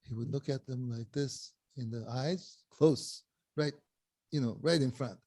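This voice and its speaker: A man's voice: mid-range voice, a little slow, darkish tone, no echo. A man telling stories in a casual video-call satsang, often laughing as he talks. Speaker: satsang speaker. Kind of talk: casual storytelling.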